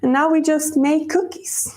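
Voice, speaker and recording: A woman's voice: high voice, steady tone, a little slow, darkish tone, roomy sound. A woman hosting a casual live-stream baking demo, chatty and rambling and laughing often. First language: Swedish. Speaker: cooking show host.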